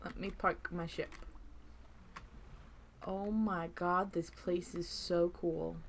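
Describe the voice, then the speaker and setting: A woman streaming a video game, gasping and squealing with excitement, and murmuring quickly when she reads the game's text aloud. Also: lowish voice, creaky, slight background noise. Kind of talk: gaming livestream chat and reading game text aloud.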